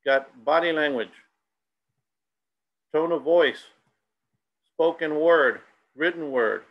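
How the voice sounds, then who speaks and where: Gravelly bilingual presenter. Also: male voice, fairly high pitch, takes it slowly, muffled recording. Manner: switches between Spanish and English, tells anecdotes. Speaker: school presenter.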